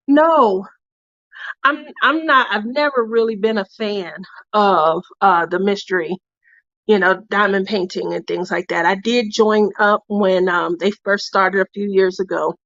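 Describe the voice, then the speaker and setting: A chatty woman hosts a crafting livestream, spinning stories and laughing often in a slightly high voice. The sound is dull and lo-fi, and it is dry and close. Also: a bit bright, no echo. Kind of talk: casual chat while crafting.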